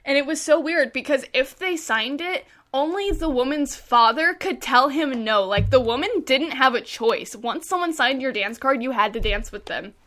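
A young woman co-hosting a podcast, animated as she tells history asides in casual chat. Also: high-pitched, normal speed, hardly any pauses. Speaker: podcast co-host.

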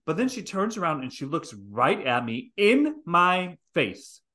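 Speaking a little slowly in a slightly high voice, a middle-aged podcast host tells a story packed with swearing. He animates the scenes by performing the characters' voices in a chatty, storytelling style.

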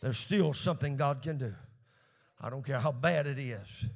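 A male pastor, preaching a call-and-response sermon that swings from hushed low asides up to shouted peaks. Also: normal speed, creaky.

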